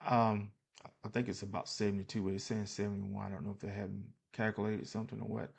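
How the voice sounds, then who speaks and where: Gravelly, slightly rough, and a little mellow, this man's lowish voice moves at a quick pace with flat delivery. He hosts an investing channel and, tired and yawning, casually goes over his portfolio on screen in a plainspoken way, full of fillers and restarts.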